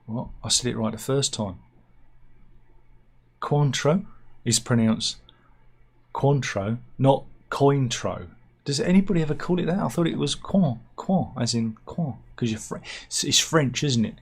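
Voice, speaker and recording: A man chats through the day's odd news stories in an offhand, satirical way. His voice is a little husky and sits at an ordinary middle pitch. He breaks in with deadpan asides and bursts of mock outrage. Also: moderate pace. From United Kingdom. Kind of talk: offhand comic news chat.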